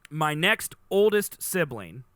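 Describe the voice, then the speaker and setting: A man in his thirties chatting playfully to his live stream audience, rambling and animated. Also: fairly high pitch, slow, no room sound. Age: 30s. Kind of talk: casual chat to live chat.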